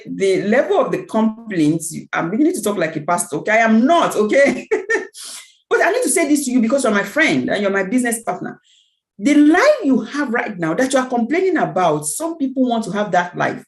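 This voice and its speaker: Animated woman giving a pep talk. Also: on the high side, normal speed, reverberant, low-quality recording. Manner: emphatic, repetitive, preacher-like cadence. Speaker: network marketing team speaker. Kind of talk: motivational team meeting talk.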